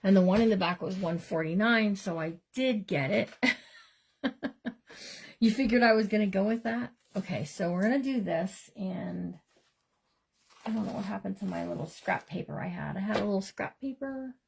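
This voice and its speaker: A woman's voice: mid-range voice, normal speed, gravelly, darkish tone, a little hiss or hum. A middle-aged woman hosting a live crafting demonstration from her home craft room, chatting with viewers as she works. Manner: chatty, talks to viewers as "you guys"; bubbly, playful made-up words. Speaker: craft livestream host.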